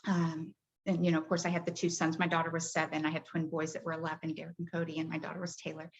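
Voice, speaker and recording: A middle-aged woman, a grief coach, talking in a soft, heartfelt way with many hesitations in a podcast interview. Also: low-pitched, little pitch movement, quick pace. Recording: dull lo-fi audio.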